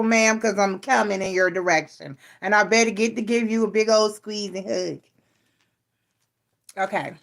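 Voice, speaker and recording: Middle-aged woman, casual tarot host, playful and teasing, close mic. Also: on the high side. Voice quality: chatty, playful, teasing asides. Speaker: tarot reader and channel host. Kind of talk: casual chat to viewers.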